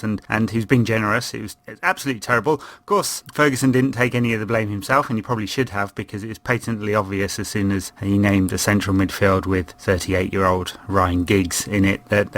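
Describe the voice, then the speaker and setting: A man's voice: fairly low pitch, fairly bright tone. Blunt, opinionated man talking football. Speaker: podcast co-host. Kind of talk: casual football chat.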